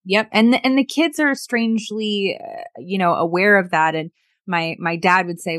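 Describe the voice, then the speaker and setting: With a medium-pitched, fairly bright voice at a moderate pace, a middle-aged woman talks earnestly and casually about sobriety. She tends to repeat words and act out lines from family life. The studio sound is clean and echo-free.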